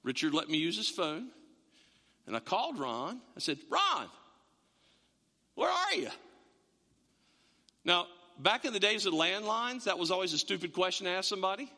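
A man's voice: sits high, expressive, fairly quick, bright, forceful tone. A man preaching a sermon, telling stories with quoted voices and repeated words, as a pastor to a congregation. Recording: long hall reverb.

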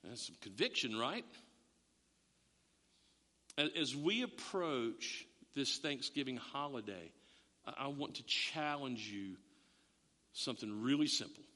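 A middle-aged man preaching a sermon as a pastor, animated, acting out voices and often restarting his words. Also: mid-range voice, slow pace, pauses often. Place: church sanctuary. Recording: long reverb of a church hall.

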